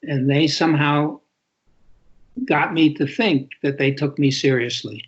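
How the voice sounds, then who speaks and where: In a muffled, lo-fi recording, an author in his eighties from New York City reflects during an interview. His voice is a little high and breathy at the edges, with fairly even intonation and a measured pace, and he often repeats words for emphasis.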